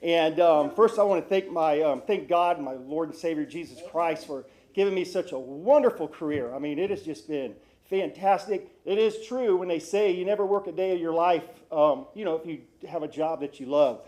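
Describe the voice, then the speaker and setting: A man's voice: a little high, moderate pace. A retiring police officer, a man, gives an emotional, effusive thank-you speech in a council chamber. He is choked up and repeats his thanks again and again. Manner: effusive, repeats thanks, speaks with warm religious gratitude.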